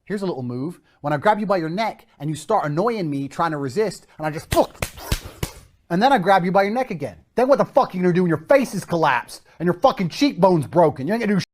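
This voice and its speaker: A man's voice: high-pitched, animated, fast, a little hiss or hum. A man in a played clip, boasting crudely.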